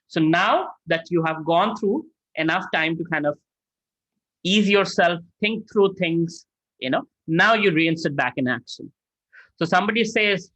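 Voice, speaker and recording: A middle-aged man giving a lively lecture-style answer on an online call, acting out angry quotes and asking "right?" often. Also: on the high side, no room sound. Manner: animated, acts out angry quotes, asks "right?". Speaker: spiritual mentor answering questions. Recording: dull lo-fi dry sound.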